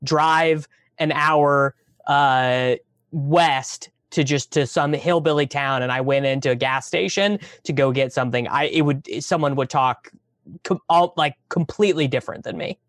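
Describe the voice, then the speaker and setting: A man's voice: on the high side, unhurried, fairly bright tone, no echo, studio quality. A man from the American Midwest with a plain Midwestern accent, chatting bluntly on a podcast and often repeating words as he starts a sentence. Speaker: podcast co-host. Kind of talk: casual chat.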